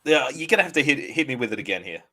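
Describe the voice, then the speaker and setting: A man as a guest in a casual interview chat, relaxed and hesitant, with many fillers. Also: mid-range voice, rapid-fire.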